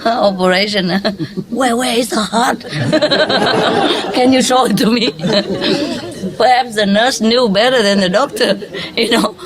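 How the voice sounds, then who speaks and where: Woman spiritual teacher, unhurried delivery, chuckles a lot, quizzes the room. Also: a little high, crowd noise. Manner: chuckling often, quizzing listeners, in loose conversational English. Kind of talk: informal teaching talk to an audience.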